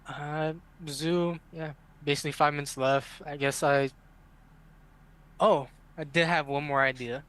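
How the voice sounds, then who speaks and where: A man plays in a tabletop game, relaxed and often chuckling. His voice is bright and smooth. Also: a little high, unhurried. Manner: laid-back, laughs between words. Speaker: player. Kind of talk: casual tabletop play.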